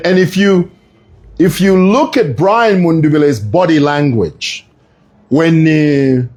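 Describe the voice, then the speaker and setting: A man giving casual political commentary, emphatic and animated, telling stories with frequent asides. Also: mid-range voice, husky. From Zambia.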